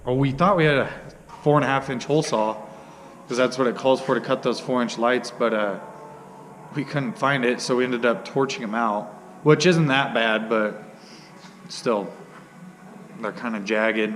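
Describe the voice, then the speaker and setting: A man's voice: mid-range voice, long reverb tail, a little hiss or hum, rough recording. A man casually walking through his truck build in a workshop, talking loosely with lots of fillers and restarts. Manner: rambling, many fillers and restarts. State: hiccuping. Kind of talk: casual shop walkthrough.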